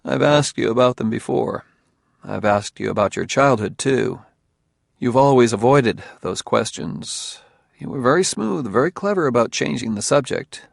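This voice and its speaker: A man voicing a calm, earnest policeman quietly pressing his lover with questions in an audiobook. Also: medium pitch, normal speed, vocal fry, dry recording, clean studio sound. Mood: probing. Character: earnest, probing male police officer.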